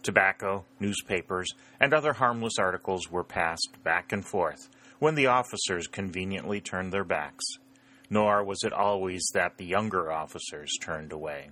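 A man narrates a novel in a steady, measured reading. His voice is fairly low, with a bright, forceful tone. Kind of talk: storybook narration.

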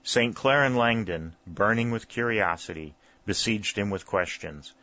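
A man reading a historical novel aloud in a steady, measured narration. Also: on the low side, lo-fi sound. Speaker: audiobook narrator. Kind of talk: scripted narration.

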